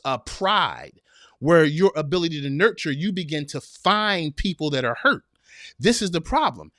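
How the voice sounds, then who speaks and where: A man's voice: fairly high pitch, fairly bright tone, no room sound, clean studio sound. A man hosting a live advice podcast in a direct, preachy way, repeating phrases for emphasis. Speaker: podcast host. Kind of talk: live-streamed advice talk.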